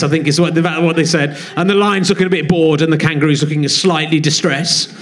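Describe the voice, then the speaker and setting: Guy hosting a comedy podcast live on a theatre stage, fairly high voice, rambling jokey self-mocking chat. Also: fairly even intonation, brisk, hardly any pauses, fairly bright tone.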